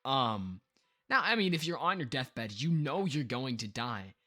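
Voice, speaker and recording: A man's voice: medium pitch, very animated, measured pace, pushed and bright. A young man co-hosting a podcast, chatting casually with lots of laughter, fillers and loose tangents. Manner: giggly, rambling, lots of fillers. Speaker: podcast co-host. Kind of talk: casual chat.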